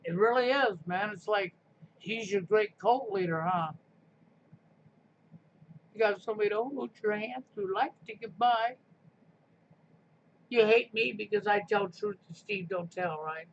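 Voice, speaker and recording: A man with a high voice delivers a combative, preachy rant to his live stream audience, with sarcastic jabs throughout. The audio is muffled and lo-fi, with a faint hiss underneath. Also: unhurried, pauses often. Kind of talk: ranting live stream monologue.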